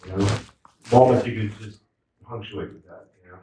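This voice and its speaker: A man doing a stand-up set of new material, rambling and offhand, often letting lines trail off quietly. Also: fairly low pitch, steady tone, moderate pace. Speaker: stand-up comedian. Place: comedy club stage. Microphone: venue recording from far off. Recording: roomy, distant, noisy club recording.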